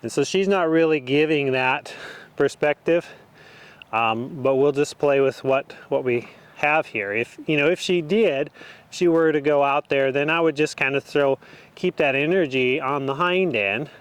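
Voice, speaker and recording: A man training a horse outdoors, talking the viewer through each step in a relaxed, casual way. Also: fairly high pitch, normal speed, clear, resonant tone. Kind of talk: casual instruction while working a horse.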